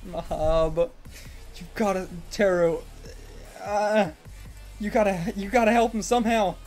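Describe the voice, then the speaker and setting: A man hosting a casual manga reaction, excitable, swearing and shouting encouragement at the page. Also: high-pitched, takes it slowly, soft background music. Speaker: anime reaction host.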